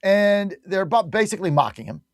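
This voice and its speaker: Man, talk radio host, high-pitched voice, dry close sound, combative rant. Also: expressive, a little fast, no room sound. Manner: combative, emphatic ranting with repeated rhetorical questions. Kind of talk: opinionated talk radio monologue.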